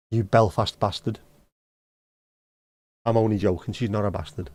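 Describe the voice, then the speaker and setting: A man's voice: fairly low pitch, fairly even intonation, normal speed, long pauses, a little mellow. A middle-aged man hosting a live stream, chatting casually and teasing viewers as he reads out their comments. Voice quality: joking, teasing banter. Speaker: livestream host.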